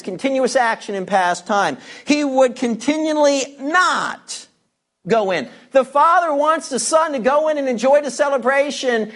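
A preacher giving an expository sermon, walking listeners through scripture verse by verse. The delivery is emphatic and repeats key words, slowing down to stress them. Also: medium pitch.

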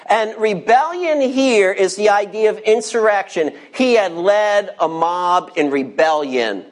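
A pastor works through a passage verse by verse in an expository sermon, pressing his points with emphasis. His pitch rises and falls a great deal as he speaks. He keeps turning to the congregation with rhetorical questions.

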